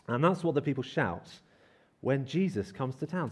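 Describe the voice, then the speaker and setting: A man preaching a sermon in church, lively and acting out crowd shouts as he reads and explains scripture. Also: mid-range voice, normal speed, husky. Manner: animated, acts out crowd shouts.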